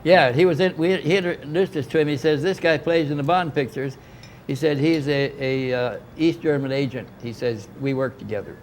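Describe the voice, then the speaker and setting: A man's voice: a little high, moderate pace, hardly any pauses, a little hiss or hum. An older man, a guest at a club gathering, telling a long anecdote in casual conversation, with many restarts and asides. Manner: rambling, anecdotal, frequent restarts. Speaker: interview guest. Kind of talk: casual storytelling. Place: club dining room.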